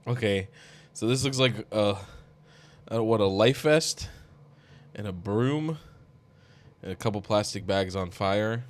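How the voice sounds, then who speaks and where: A young man commenting on clips as a reaction host. His voice sits at an ordinary middle pitch. He talks bluntly and mockingly and swears freely. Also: lively intonation, slow pace, pauses often.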